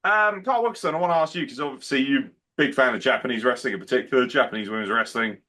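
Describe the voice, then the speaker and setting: Podcast host, bright forward voice, cheeky banter, swears a lot. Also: male voice, medium pitch, fast talker. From Britain. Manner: swears freely, laughs a lot, jokey and ironic. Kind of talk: casual podcast chat.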